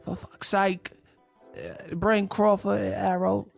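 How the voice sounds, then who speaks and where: A man's voice: high-pitched, fairly even intonation, slow, vocal fry, dry recording, soft background music, pitched above the performer's own voice, heavily acted. A man putting on a mocking British boxing fan. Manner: exaggerated parody with slang.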